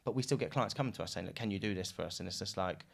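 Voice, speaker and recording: A man's voice: low-pitched, racing, creaky. A British man who founded a recruitment firm, chatting casually as a podcast guest, loose and laughing, with the odd swear. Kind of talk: casual business podcast chat.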